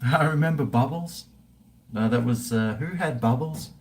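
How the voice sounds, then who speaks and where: A man's voice: mid-range voice, normal speed, background noise. A tipsy man with an Australian accent, rambling and swearing casually while hosting a live stream and reading viewer chat. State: tipsy from drinking. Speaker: livestream host.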